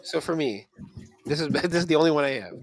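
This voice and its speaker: A man's voice: on the high side, animated, quick pace. A man hosting a casual podcast chat, laughing along and encouraging the others. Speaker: podcast host.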